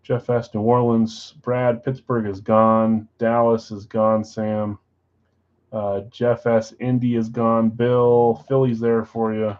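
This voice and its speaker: A man's voice: medium pitch, level tone, slow pace, highs cut off. A man hosting a live card break stream, reading off names and teams with chatty asides.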